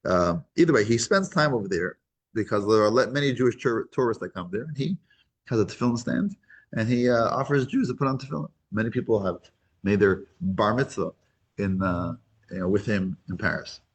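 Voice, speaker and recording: A man leads a weekly class for a small group, speaking in a casual, halting way full of restarts and livening up when he tells a story. His voice is on the low side and slightly rough.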